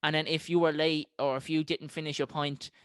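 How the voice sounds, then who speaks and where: A man's voice: a little high, level tone, fairly quick, a bit bright, clean tone, dry recording. A young man co-hosting a podcast, chatting casually about a night out. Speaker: podcast co-host. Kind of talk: casual chat.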